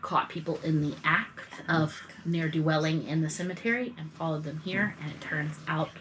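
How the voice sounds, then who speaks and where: Low-voiced, playful female player. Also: steady tone, fairly bright tone, slight background noise, rough recording. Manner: playful, quick asides. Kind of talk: tabletop role-play, in character and out.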